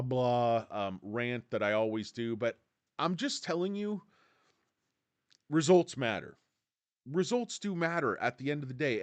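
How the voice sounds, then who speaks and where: Male streamer, lively swinging pitch, dry close mic, sarcastic casual rant. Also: no echo. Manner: animated, sarcastic, mocks analysts with put-on voices. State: tired. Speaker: stock commentary livestream host.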